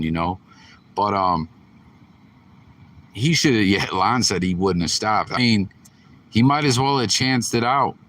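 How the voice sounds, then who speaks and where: Host, male, low and bright, casual profane reaction talk. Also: slight background noise. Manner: profane, rambling, talks straight to viewers.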